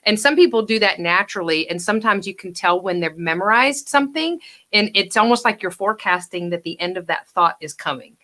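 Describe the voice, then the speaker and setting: A woman with a bright, clear voice coaches a performer over a video call. She talks in a friendly, chatty way and now and then acts out lines, dropping to a hushed whisper. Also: medium pitch, a little fast. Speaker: judge and acting coach. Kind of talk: giving acting feedback.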